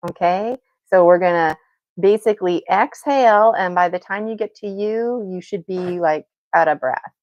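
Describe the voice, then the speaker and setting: A woman's voice: on the low side, normal speed, darkish tone, dry recording, dull audio. A woman teaching an unscripted guided vocal exercise, encouraging and laughing often as she draws out vowel sounds. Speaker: voice and breathing teacher.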